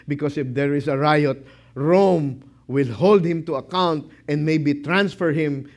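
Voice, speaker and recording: A man preaching a sermon, slow and emphatic, who keeps asking rhetorical questions. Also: fairly high pitch.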